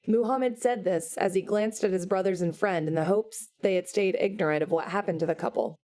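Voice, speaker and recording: A woman reading a novel aloud as audiobook narrator, in a measured, unhurried way. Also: mid-range voice, mellow. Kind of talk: scripted narration.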